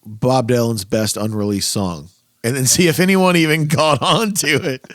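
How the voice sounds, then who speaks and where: A man hosting a podcast in casual chat, animated and laughing with quick asides. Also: medium pitch, no echo, clean studio sound. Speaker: podcast host.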